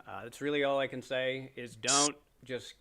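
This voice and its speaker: Here the same kind of speaker appears: a middle-aged man from Canada, guesting on a podcast and chatting casually. His medium-pitched voice is steady and a bit bright at a moderate pace, and he tells stories as a joker who laughs often and imitates voices.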